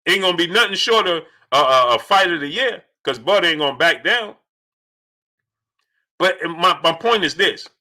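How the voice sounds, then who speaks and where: Man, high voice, very bright tone, livestream host, rhetorical, repetitive, shout-outs to chat. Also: lively intonation, moderate pace. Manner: rhetorical, repeats questions, shouts out viewers. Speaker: boxing channel host. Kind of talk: livestream commentary, reading chat.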